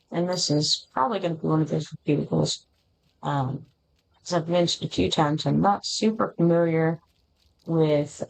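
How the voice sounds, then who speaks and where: Low, gravelly-voiced woman streaming a game. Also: slight background noise, poor audio. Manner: reads game dialogue aloud in her own voice with fillers. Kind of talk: casual gameplay chat, reading quest dialogue aloud.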